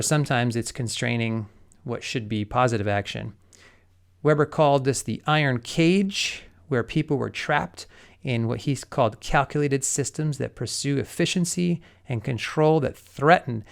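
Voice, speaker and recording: A man's voice: medium pitch, moderate pace, creaky, clear, resonant tone. A middle-aged man giving an explanatory lecture, working methodically through numbered points with everyday examples.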